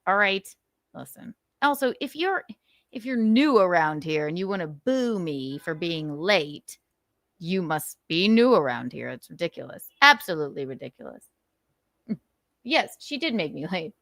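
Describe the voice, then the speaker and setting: A woman's voice: on the low side, no room sound, studio quality. A woman hosting a casual livestream, telling stories animatedly, swearing freely and laughing often. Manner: animated, profane and laughing storyteller. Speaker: livestream host.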